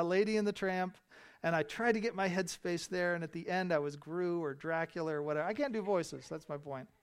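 A male pastor delivering a sermon in a church, building to loud, emphatic repeated phrases. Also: sits high, smooth. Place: church sanctuary.

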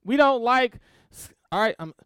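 A man's voice: very high voice, expressive, normal speed, fairly bright tone, clean tone, no room sound, clean studio sound. A man teaching an informal sermon on spiritual disciplines, talking conversationally and often checking in with his listeners. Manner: conversational, checks in with frequent "okay?" and "right?".

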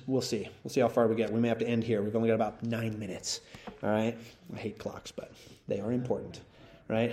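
A man's voice: mid-range voice, darkish tone. A man teaching through a Bible passage to a live audience, talking conversationally and often checking in with "right?" and "all right?".

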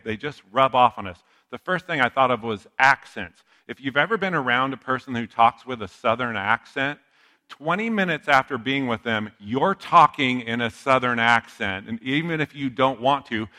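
A man's voice: mid-range voice, pushed and bright. A man preaching a sermon as a pastor, talking conversationally and telling stories with asides to the listener.

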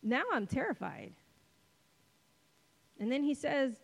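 A woman preaching a sermon in a conversational, playful way, slowing for dramatic pauses on key words. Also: mid-range voice, animated, a little mellow, poor audio.

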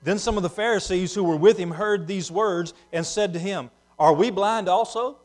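A man preaching a sermon, moving between hushed, slow passages and loud, emphatic ones. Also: high voice.

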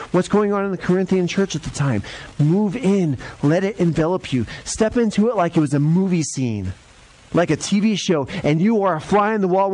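A pastor with a somewhat high voice delivers a relaxed, conversational sermon to his church. His pitch leaps up and drops low to stress his points. A faint hiss sits under the recording. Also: rough recording. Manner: conversational and lively, varies pitch for emphasis. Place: church sanctuary.

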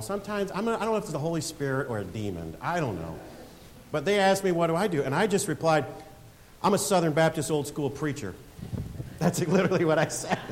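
A man in his forties preaching a sermon as a pastor in a church, telling a story and building to emphatic points. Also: fairly high pitch. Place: church sanctuary. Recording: long hall reverb with faint hiss.

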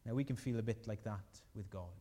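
A man's voice: fairly low pitch, brisk, mellow, in a large hall. A man preaching a sermon as a pastor, earnest and rising in emphasis on key lines.

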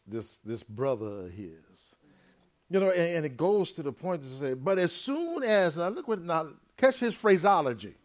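A man preaching a sermon, retelling a parable in folksy everyday speech and acting out its characters as he goes. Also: medium pitch. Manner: animated preaching, acts out the brothers and father in plain voices, folksy grammar.

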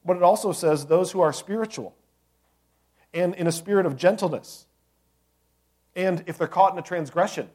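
A man's voice: high voice, normal speed, pauses often, a little mellow. A man preaching a sermon as a pastor, conversational, with joking asides and rhetorical questions to the congregation.

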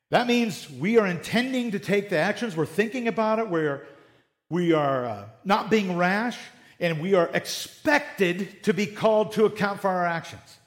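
A middle-aged man preaching a sermon in a conversational way, acting out little everyday dialogues. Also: high voice. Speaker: pastor.

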